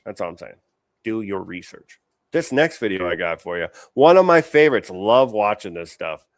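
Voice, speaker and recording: A man's voice: fairly low pitch, big pitch swings, moderate pace, no echo, clean studio sound. A man hosting a show, chatting casually as he reacts to videos, rambling and swearing, stuffing his talk with fillers and laughing often. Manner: rambling, profane, full of "you know" fillers. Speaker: host.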